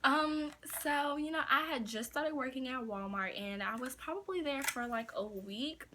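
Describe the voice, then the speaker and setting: A woman's voice: sits high, normal speed, background noise. A young woman vlogger telling a story in a casual, chatty way, full of fillers like "like" and "you know.".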